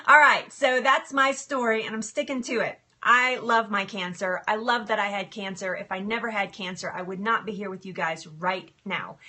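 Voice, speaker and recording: Upbeat woman health coach on a phone live stream, bright voice, laughs easily. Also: mid-range voice. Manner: bubbly, giggly, talks to viewers by name. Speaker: livestream host, health coach. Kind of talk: casual live-stream chat. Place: home kitchen. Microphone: phone camera.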